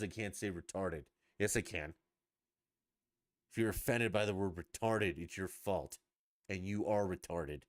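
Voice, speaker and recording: A man's voice: low voice, no room sound, studio quality. A middle-aged man ranting casually as a podcast host, blunt, mocking and profane.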